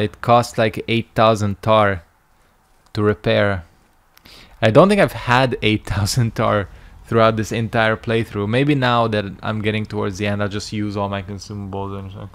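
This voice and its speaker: Lowish voiced dude talking to himself while gaming, swears a lot, casual stream chatter. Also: male voice, steady tone, normal speed, fairly bright tone. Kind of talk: casual gameplay commentary.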